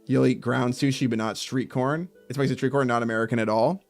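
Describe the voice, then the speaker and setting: A man streaming while he draws, reading viewer comments aloud and breaking into loud mock outrage with swearing. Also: mid-range voice, steady tone, fast, creaky, hardly any pauses, faint music behind. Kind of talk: casual live-stream chat while drawing.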